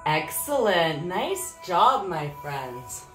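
A woman's voice: fairly low pitch, very animated, extremely slow, reverberant, faint music behind, poor audio. A woman teaching preschool yoga, encouraging and sing-song, making animal sounds as she guides the poses. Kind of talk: guiding a preschool yoga class.

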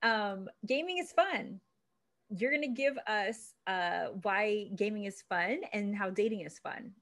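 A woman's voice: mid-range voice, a little slow, fairly bright tone. A woman relationship expert hosting an interview, upbeat and encouraging, laughing often with her guest.

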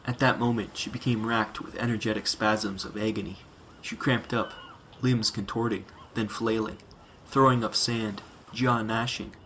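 A man narrating science fiction in a measured, dramatic reading. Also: fairly low pitch, fairly even intonation, a bit bright, a little hiss or hum, poor audio.

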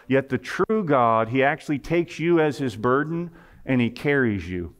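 A man preaching a sermon in church, earnest, with rising and falling emphasis and rhetorical questions to the congregation. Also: on the high side. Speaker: pastor. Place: church sanctuary.

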